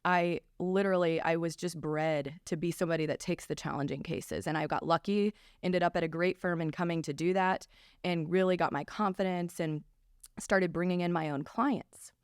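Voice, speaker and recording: A young woman talks on a podcast in a lowish voice. She tells her story in a chatty, upbeat pep-talk way. The sound is dry and close. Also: moderate pace, smooth, no echo. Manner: chatty, upbeat pep-talker, animated retelling. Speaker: family law attorney, podcast co-host. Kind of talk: casual conversational storytelling.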